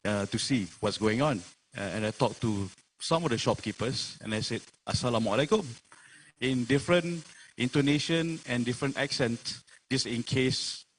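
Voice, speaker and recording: A man's voice: medium pitch, no room sound. A Malaysian man speaking as a forum panelist, earnest and full of fillers, slipping Malay phrases into his English. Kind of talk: forum talk. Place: online forum.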